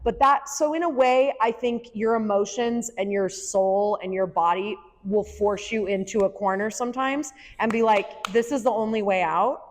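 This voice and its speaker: A woman's voice: mid-range voice, moderate pace, hardly any pauses, in a large hall. A woman guest talking candidly and chattily, with frequent "like" and "right?" fillers. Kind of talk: candid conversational talk. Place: room with a small audience.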